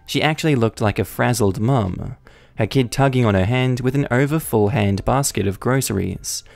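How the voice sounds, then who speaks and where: A man narrating online stories in a scripted, wry, deadpan comic style. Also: mid-range voice, moderate pace, vocal fry, no room sound. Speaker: story narrator.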